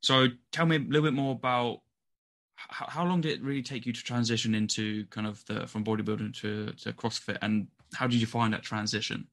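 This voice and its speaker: A man's voice: mid-range voice, fairly even intonation, a little fast, a bit bright. A man hosting a casual podcast interview, asking questions in a chatty way with plenty of fillers. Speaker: podcast host.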